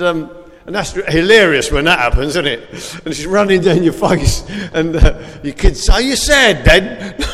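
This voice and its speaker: A man's voice: high-pitched, fairly bright tone. A man giving an informal school assembly talk, rambling and chatty with lots of fillers, and reading aloud from the Bible. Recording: long hall reverb.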